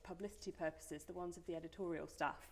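A woman with a somewhat low voice conducts an oral history interview. She speaks politely and encouragingly, steering gently with her questions. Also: fairly even intonation, fast talker, husky.

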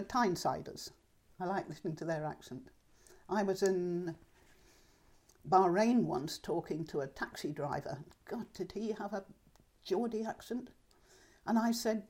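A woman's voice: on the low side, normal speed, darkish tone, slightly rough. An older woman chatting in an interview, telling anecdotes and laughing often. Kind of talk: casual conversation. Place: home in Perthshire countryside.

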